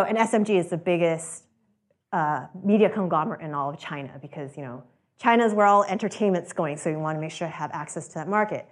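A woman and startup founder giving a casual talk to an audience, chatty, laughing often and acting out the voices of people she quotes. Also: fairly low pitch.

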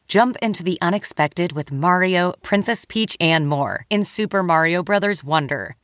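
Woman, ad announcer, upbeat read, lowish voice, dry studio sound. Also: a bit bright, no room sound.

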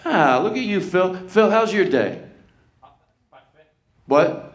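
A man works the crowd in live stand-up banter, rambling and poking fun at himself while hosting a podcast taping. His voice sits a little high for a man. The hotel event room leaves a clear echo on every line. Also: big pitch swings, slow, background noise. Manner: rambling, self-mocking, chatty with the crowd.

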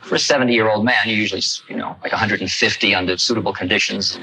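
An older man telling a personal story to an audience, animated and acting out the lines he quotes. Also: on the low side, quick pace, creaky, rough recording. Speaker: speaker recounting a personal story. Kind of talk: storytelling talk.

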